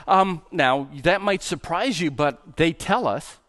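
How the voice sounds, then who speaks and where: Animated high-voiced male pastor. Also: slow pace. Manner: animated, acts out voices in the story. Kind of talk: storytelling sermon. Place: church.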